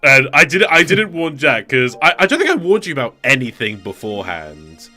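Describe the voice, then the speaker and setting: A man's voice: a little high, very animated, fairly quick, bright, forceful tone, soft background music. A young man streaming, chatting casually with lots of fillers and restarts. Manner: rambling, with fillers and laughs.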